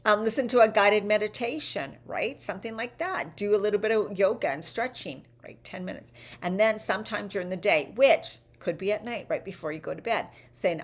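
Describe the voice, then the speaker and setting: A woman's voice: mid-range voice, expressive, normal speed, few pauses. A woman in her fifties giving an encouraging, conversational motivational talk as a life coach, often checking in with "right?".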